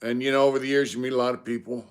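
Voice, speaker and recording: A middle-aged man talking loosely on his live stream. His pitch sits in an ordinary middle range. He rambles easily and drops into shout-outs to viewers. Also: little pitch movement, very fast, clean tone. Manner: laid-back, greets viewers by name between stories. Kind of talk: casual live-stream chat.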